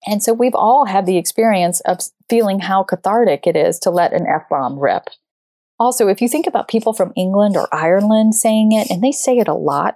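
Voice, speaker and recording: A middle-aged woman talks straight to the listener in a relaxed monologue, spinning a personal story with lively energy. She slips into the voices of the people she quotes. Her voice sits in the middle range and sounds close and dry, with no room around it. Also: mid-range voice, no echo. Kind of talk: conversational monologue.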